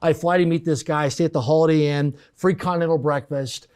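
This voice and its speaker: Speaking fast in a smooth, slightly high voice, a man on a podcast shares a personal business anecdote conversationally. He animates it by performing the quoted dialogue of each person in the story.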